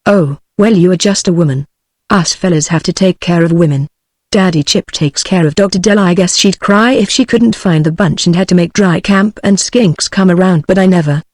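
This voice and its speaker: A woman's voice: lowish voice, moderate pace, darkish tone, no echo, clean studio sound. A synthetic female text-to-speech voice reading the lines of a boastful six-year-old cowboy boy with a swaggering backcountry drawl.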